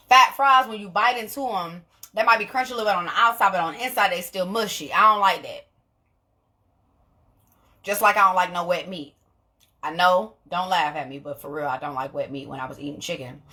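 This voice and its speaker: A young woman, talking straight to camera in a casual vlog, blunt and animated, swearing freely and laughing often. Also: fairly low pitch. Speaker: vlogger.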